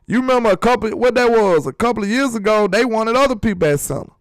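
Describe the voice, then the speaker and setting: A man's voice: sits high, expressive, quick pace, no room sound, studio quality. A man hosting a sports channel in a casual live-stream chat, talking loosely and reading viewers' comments aloud.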